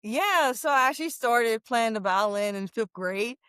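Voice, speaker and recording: A young woman from Memphis, a former football captain, telling her story as a lively interview guest who laughs often. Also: fairly high pitch, normal speed, clear, resonant tone, no echo. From Memphis, USA. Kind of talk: casual interview talk.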